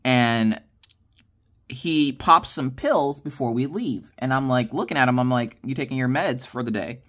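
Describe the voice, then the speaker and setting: A woman hosting a casual craft-channel chat, telling a long personal story and acting out the dialogue with lively shifts in her voice. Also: very deep voice, measured pace. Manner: animated, acts out quoted dialogue with lively voice shifts; chatty, with many fillers and restarts.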